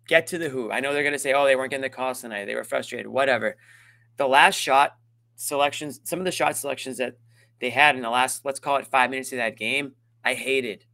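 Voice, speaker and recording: In a sports postgame analysis chat, this male co-host speaks emphatically and lets out his frustration over the game. He has a mid-range, sharp-toned voice and talks at a normal speed.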